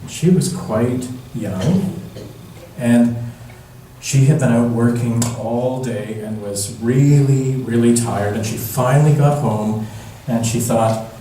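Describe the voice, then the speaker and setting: Slow, echoey man telling a story. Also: mid-range voice, slight background noise. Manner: slow, gentle, musing. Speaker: children's storyteller in church. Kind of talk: storytelling for children. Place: church sanctuary. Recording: echoey church hall from far off.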